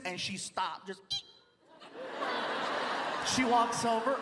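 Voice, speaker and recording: High-voiced man telling stand-up stories. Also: moderate pace, long pauses, slight background noise. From Mexican-American. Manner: animated storytelling, laughing at his own jokes. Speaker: stand-up comedian. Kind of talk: stand-up comedy set. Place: large comedy venue. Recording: live hall with loud crowd and laughter.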